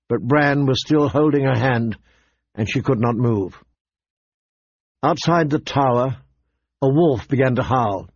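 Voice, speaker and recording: A man giving a measured, steady reading of a novel as narrator. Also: medium pitch, breathy edge, no echo, highs cut off. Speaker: audiobook narrator. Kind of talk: scripted narration.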